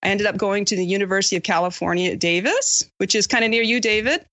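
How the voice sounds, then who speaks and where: A woman's voice: mid-range voice, quick pace, fairly bright tone, dry recording. A woman from Maine, a podcast guest telling her story in a friendly, chatty way. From Maine, USA. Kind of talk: casual podcast interview.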